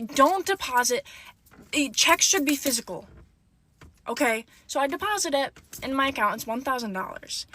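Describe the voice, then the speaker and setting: A woman talks through a casual storytime while sitting in a car, her voice a touch higher than most. She rambles, leaning on "like" and "you know" as she goes, speaking into a phone. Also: bright, forceful tone. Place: inside a car.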